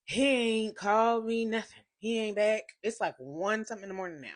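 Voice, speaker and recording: A woman in her thirties telling a confession story on her vlog, animated and profane, swinging between hushed and loud. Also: medium pitch, brisk. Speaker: vlogger.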